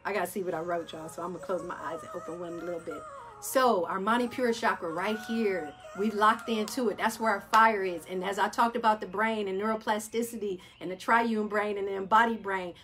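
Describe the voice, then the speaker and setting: With a mid-range voice and a little hiss or hum on the recording, a woman leads an animated chakra meditation. She's chatty and excitable, asks her y'all listeners questions, repeats "right?", and softens and slows for breathing.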